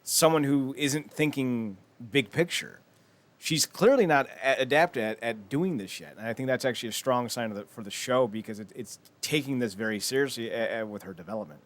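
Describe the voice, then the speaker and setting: A man's voice: mid-range voice, a little fast. A man co-hosting a casual podcast chat who laughs often and acts out characters' lines as he talks. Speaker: podcast co-host.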